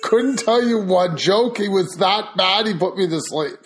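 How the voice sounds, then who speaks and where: Blunt, teasing man with a high voice. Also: a little slow. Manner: blunt, teasing, dry storyteller. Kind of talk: casual chat.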